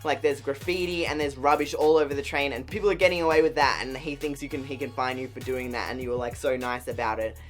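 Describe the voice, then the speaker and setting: A young vlogger voicing a kindly old male train passenger who speaks in a lowered, sympathetic tone. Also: fairly even intonation, fast, hardly any pauses, soft background music, natural voice. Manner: friendly, indignant on their behalf.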